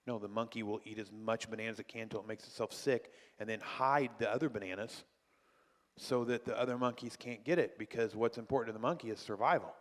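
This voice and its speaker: A man's voice: on the low side, steady tone, fast, in a large hall. A male pastor teaching a church class in a conversational way, full of rhetorical questions. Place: church hall.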